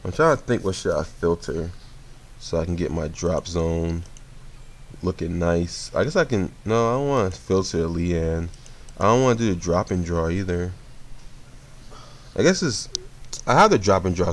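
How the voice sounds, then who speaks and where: A young man giving casual commentary on a card game he is playing, sleepy and relaxed, often rambling and correcting himself. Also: deep voice, moderate pace. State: sleepy, yawning.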